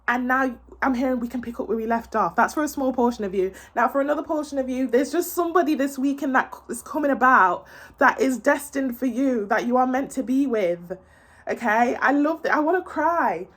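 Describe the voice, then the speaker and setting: A woman tarot reader gives her viewers a casual reading, emotional and tearful yet earnest and reassuring, with many fillers and repeated words. Her voice sits high with a fairly bright tone, and she speaks a little fast.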